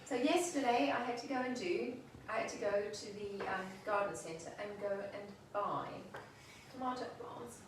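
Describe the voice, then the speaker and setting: A woman's voice: medium pitch, normal speed, slight background noise. Chatty woman in an echoey kitchen. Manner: chatty, cheerful. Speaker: cooking show host. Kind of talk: casual cooking demonstration. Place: home kitchen. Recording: echoey room, mic far off.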